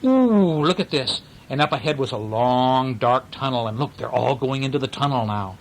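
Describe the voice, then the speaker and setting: An older man reading a picture book aloud to a child, animated and pointing out the pictures. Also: medium pitch, moderate pace, a little hiss or hum, low-quality recording. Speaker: storyteller.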